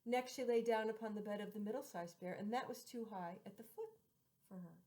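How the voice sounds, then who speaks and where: A woman's voice: medium pitch, rough recording. A woman reading a fairy tale aloud, drawing out repeated phrases and dropping some words to a whisper. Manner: drawn-out repetitions with hushed, whispered words. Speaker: storyteller.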